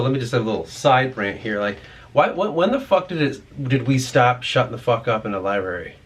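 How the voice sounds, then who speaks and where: A man's voice: on the low side, noisy background. A man vlogging in a rambling, profane, ranting monologue.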